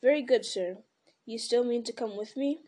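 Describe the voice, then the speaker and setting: A devoted, plain-spoken young hobbit man, voiced by a woman reading a storybook aloud. The tone is mellow and a little high, earnest and respectful. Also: normal speed, natural voice. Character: loyal, earnest young male hobbit servant.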